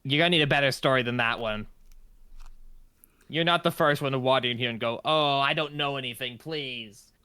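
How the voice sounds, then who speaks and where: A man's voice: mid-range voice, brisk, sharp tone, clear, resonant tone, lightly acted. A man voicing a goblin librarian who curtly brushes visitors off as a tabletop game master. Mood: scoffing. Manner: curt, bored, brushes people off. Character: aloof goblin librarian, dismissive gatekeeper.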